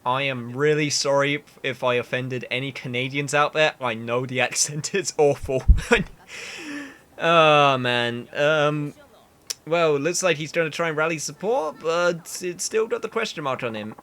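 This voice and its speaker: A man's voice: fairly high pitch, a little slow. A man hosting a let's play, talking casually and offhandedly over the game. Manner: relaxed, offhand, apologetic laughter. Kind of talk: casual gameplay commentary.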